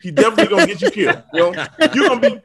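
A man, telling a comic story with lively slang and frequent laughter. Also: sits high, very fast, over a noisy crowd. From South Side of Chicago. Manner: animated, laughing often, slangy asides to the audience. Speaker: storyteller on a comedy show.

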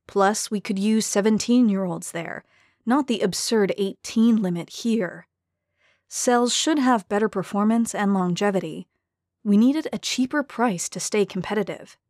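A woman reads a first-person audiobook at a measured, even pace, her voice at an ordinary middle pitch for a woman. The recording is close and dry, with almost no room sound. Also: dry recording. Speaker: audiobook narrator.

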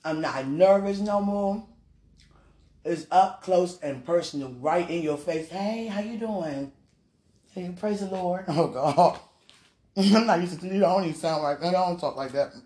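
A woman's voice: lowish voice, normal speed, warm tone. Chatty woman praying aloud. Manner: chatty, repeats phrases, laughs often, mixes talk with prayer. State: heartburn, hungry. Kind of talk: casual spoken monologue and prayer.

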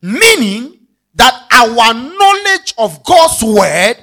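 Preaching with a Ghanaian accent, this pastor slips between English and Twi while dramatizing ordinary life. The delivery is lively yet slow, pitched in the middle range, with bursts of shouting to drive points home.

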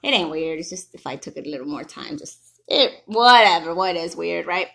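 A woman's voice: fairly low pitch, lively intonation, brisk, creaky. A young woman hosting a casual solo podcast, rambling and laughing as she talks. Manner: rambling, laughs often, shouts catchphrases. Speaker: podcast host.

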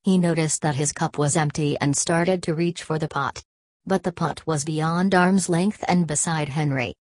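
A woman narrating an audiobook in a measured, plain storytelling manner. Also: low voice, steady tone, a little mellow, dry recording.

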